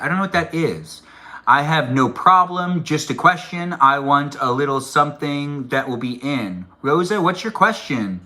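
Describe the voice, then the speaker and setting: A man's voice: medium pitch, sharp tone, echoey room. A man hosting a casual live stream while cooking in his home kitchen, rambling and chatting with viewers as he reads their comments aloud.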